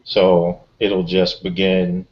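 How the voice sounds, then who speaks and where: A man's voice: deep voice, completely flat delivery, slow pace, highs cut off. A man playing a tabletop game, speaking hesitantly with fillers. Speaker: player. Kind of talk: casual tabletop play.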